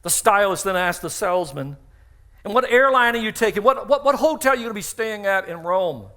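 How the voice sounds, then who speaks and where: Expressive and brisk, a middle-aged male pastor preaches through a stage microphone in his church sanctuary. His voice is bright, ringing and high for a man, and his storytelling features acted-out dialogue and key phrases hammered home through repetition.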